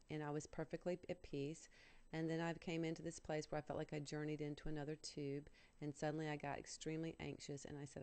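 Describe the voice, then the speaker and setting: A middle-aged woman with a low voice tells a personal spiritual story for radio. She is earnest and halting, trailing off into fillers and restarting her sentences as she goes. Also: darkish tone, smooth.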